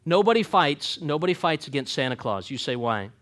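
A man preaching a sermon, folksy and joking, swinging from quiet asides to loud emphatic points. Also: a little high, very animated, brisk. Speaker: pastor.

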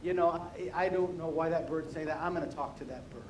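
A man's voice: a little fast, close to an everyday voice. A man doing a flustered apologetic shopkeeper. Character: apologetic nervous male pet shop owner. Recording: roomy hall with faint rumble.

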